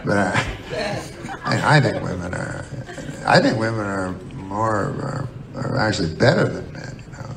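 A man performing a stand-up comedy set in a large venue, deadpan, rambling and profane. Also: fairly low pitch, measured pace, creaky. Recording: audience recording with loud crowd and noise. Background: crowd laughter.

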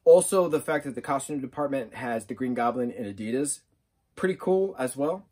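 A man giving a casual spoken movie review, rambling and excitable, full of fillers. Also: medium pitch, normal speed, breathy edge.

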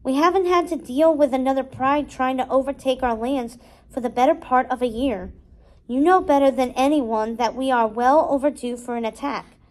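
An earnest young lion king pressing his point with insistent urgency, read aloud by a woman. The voice sits fairly high, as in a storybook reading. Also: normal speed, darkish tone, close to an everyday voice. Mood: urgent.

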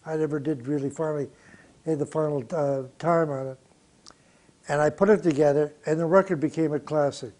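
A man's voice: fairly high pitch, steady tone, a little fast, dark tone. An older man, a record producer, telling studio stories in an interview, blunt and profane with short chuckles. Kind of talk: interview storytelling.

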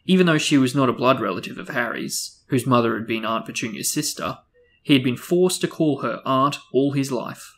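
A man's voice: mid-range voice, a bit bright. Man reading a novel aloud. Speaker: reader and show co-host.

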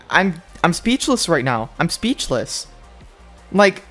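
A man's voice: mid-range voice, lively intonation, unhurried, a bit bright, faint music behind. A young man giving exasperated commentary while opening mobile game packs, ranting and jumping up in disbelief.

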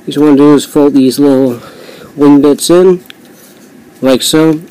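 A man casually reviewing a toy he customized at home, rambling with many fillers and quick apologies, sometimes drifting off the mic as he handles it. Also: a little high, fairly even intonation, warm tone, clear, resonant tone, poor audio.

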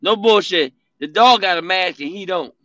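A man co-hosting a comedy chat over a video call, teasing with quick comebacks and laughter. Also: high voice, pushed and bright, dry recording, dull audio. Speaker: comedy show co-host. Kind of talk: joking banter.

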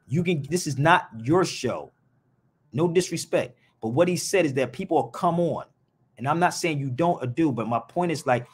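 A man hosting a live show in a casual stream, talking in an impassioned, blunt and rambling way, heavy on slang. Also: mid-range voice.

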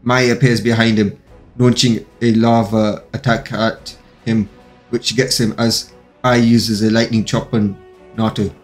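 A man's voice: on the low side, flat delivery, unhurried. A man narrating a fan-fiction story in a plain, run-on reading with occasional slips. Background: faint music.

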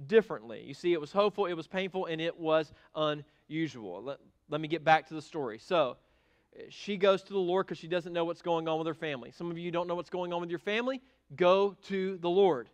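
A middle-aged male pastor preaches in a church with animated, emphatic delivery and a fairly high-pitched voice. He swings from quiet asides to loud bursts as he drives his points home. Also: normal speed, clean tone. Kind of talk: sermon. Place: church sanctuary.

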